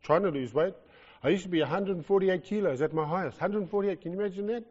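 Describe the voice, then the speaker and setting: Animated New Zealand preacher, lo-fi recording. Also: male voice, high-pitched, quick pace, husky, big-room sound. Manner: animated, jokey, swings from loud to soft. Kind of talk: sermon. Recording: lo-fi muffled recording.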